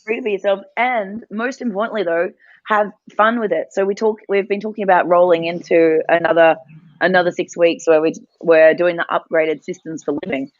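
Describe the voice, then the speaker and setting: A woman's voice: fairly low pitch, steady tone, fairly quick, dry recording, dull audio. A woman co-hosting a morning mindset session, telling a family story in a chatty, rambling way and laughing often. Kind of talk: casual chat, storytelling.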